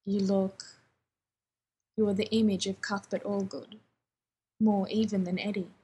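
Aging male gunslinger, slow and cautious, archaic formality, breathy tone; read by a woman. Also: medium pitch, flat delivery, mellow. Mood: solemn.

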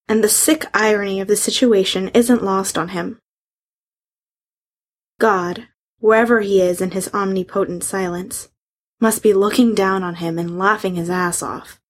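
A woman reading a fan fiction story aloud, in a hushed and emotional storytelling manner. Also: mid-range voice. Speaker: reader.

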